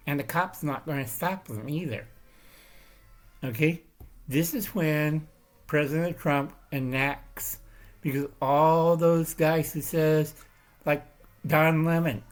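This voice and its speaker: A man's voice: fairly high pitch, measured pace. A man hosting his own channel, talking through a rambling, emphatic political commentary monologue, often checking in with "Okay?" and "All right?". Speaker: channel host.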